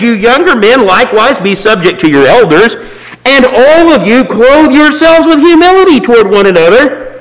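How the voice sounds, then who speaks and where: A man preaching a sermon, swinging from raised emphatic lines to low, quiet asides. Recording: long reverb of a hall.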